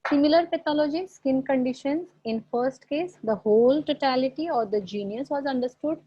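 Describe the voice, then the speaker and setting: A woman's voice: high-pitched, moderate pace. A woman lecturer presenting a medical case to students, explaining step by step and checking in with her listeners. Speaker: homeopathy lecturer. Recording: dull lo-fi audio.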